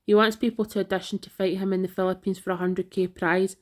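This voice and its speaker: A woman reading out online comments in a flat, even delivery. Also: medium pitch, fast talker.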